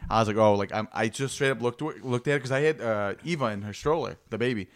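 Speaking fast in a medium-pitched voice, this young podcast co-host spins meandering tales. His talk is loose and laced with heavy profanity.

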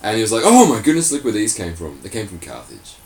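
A man in a casual comedic chat, explaining history in an animated, laughing way. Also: fairly low pitch, fast talker, slight background noise, poor audio. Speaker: resident historian.

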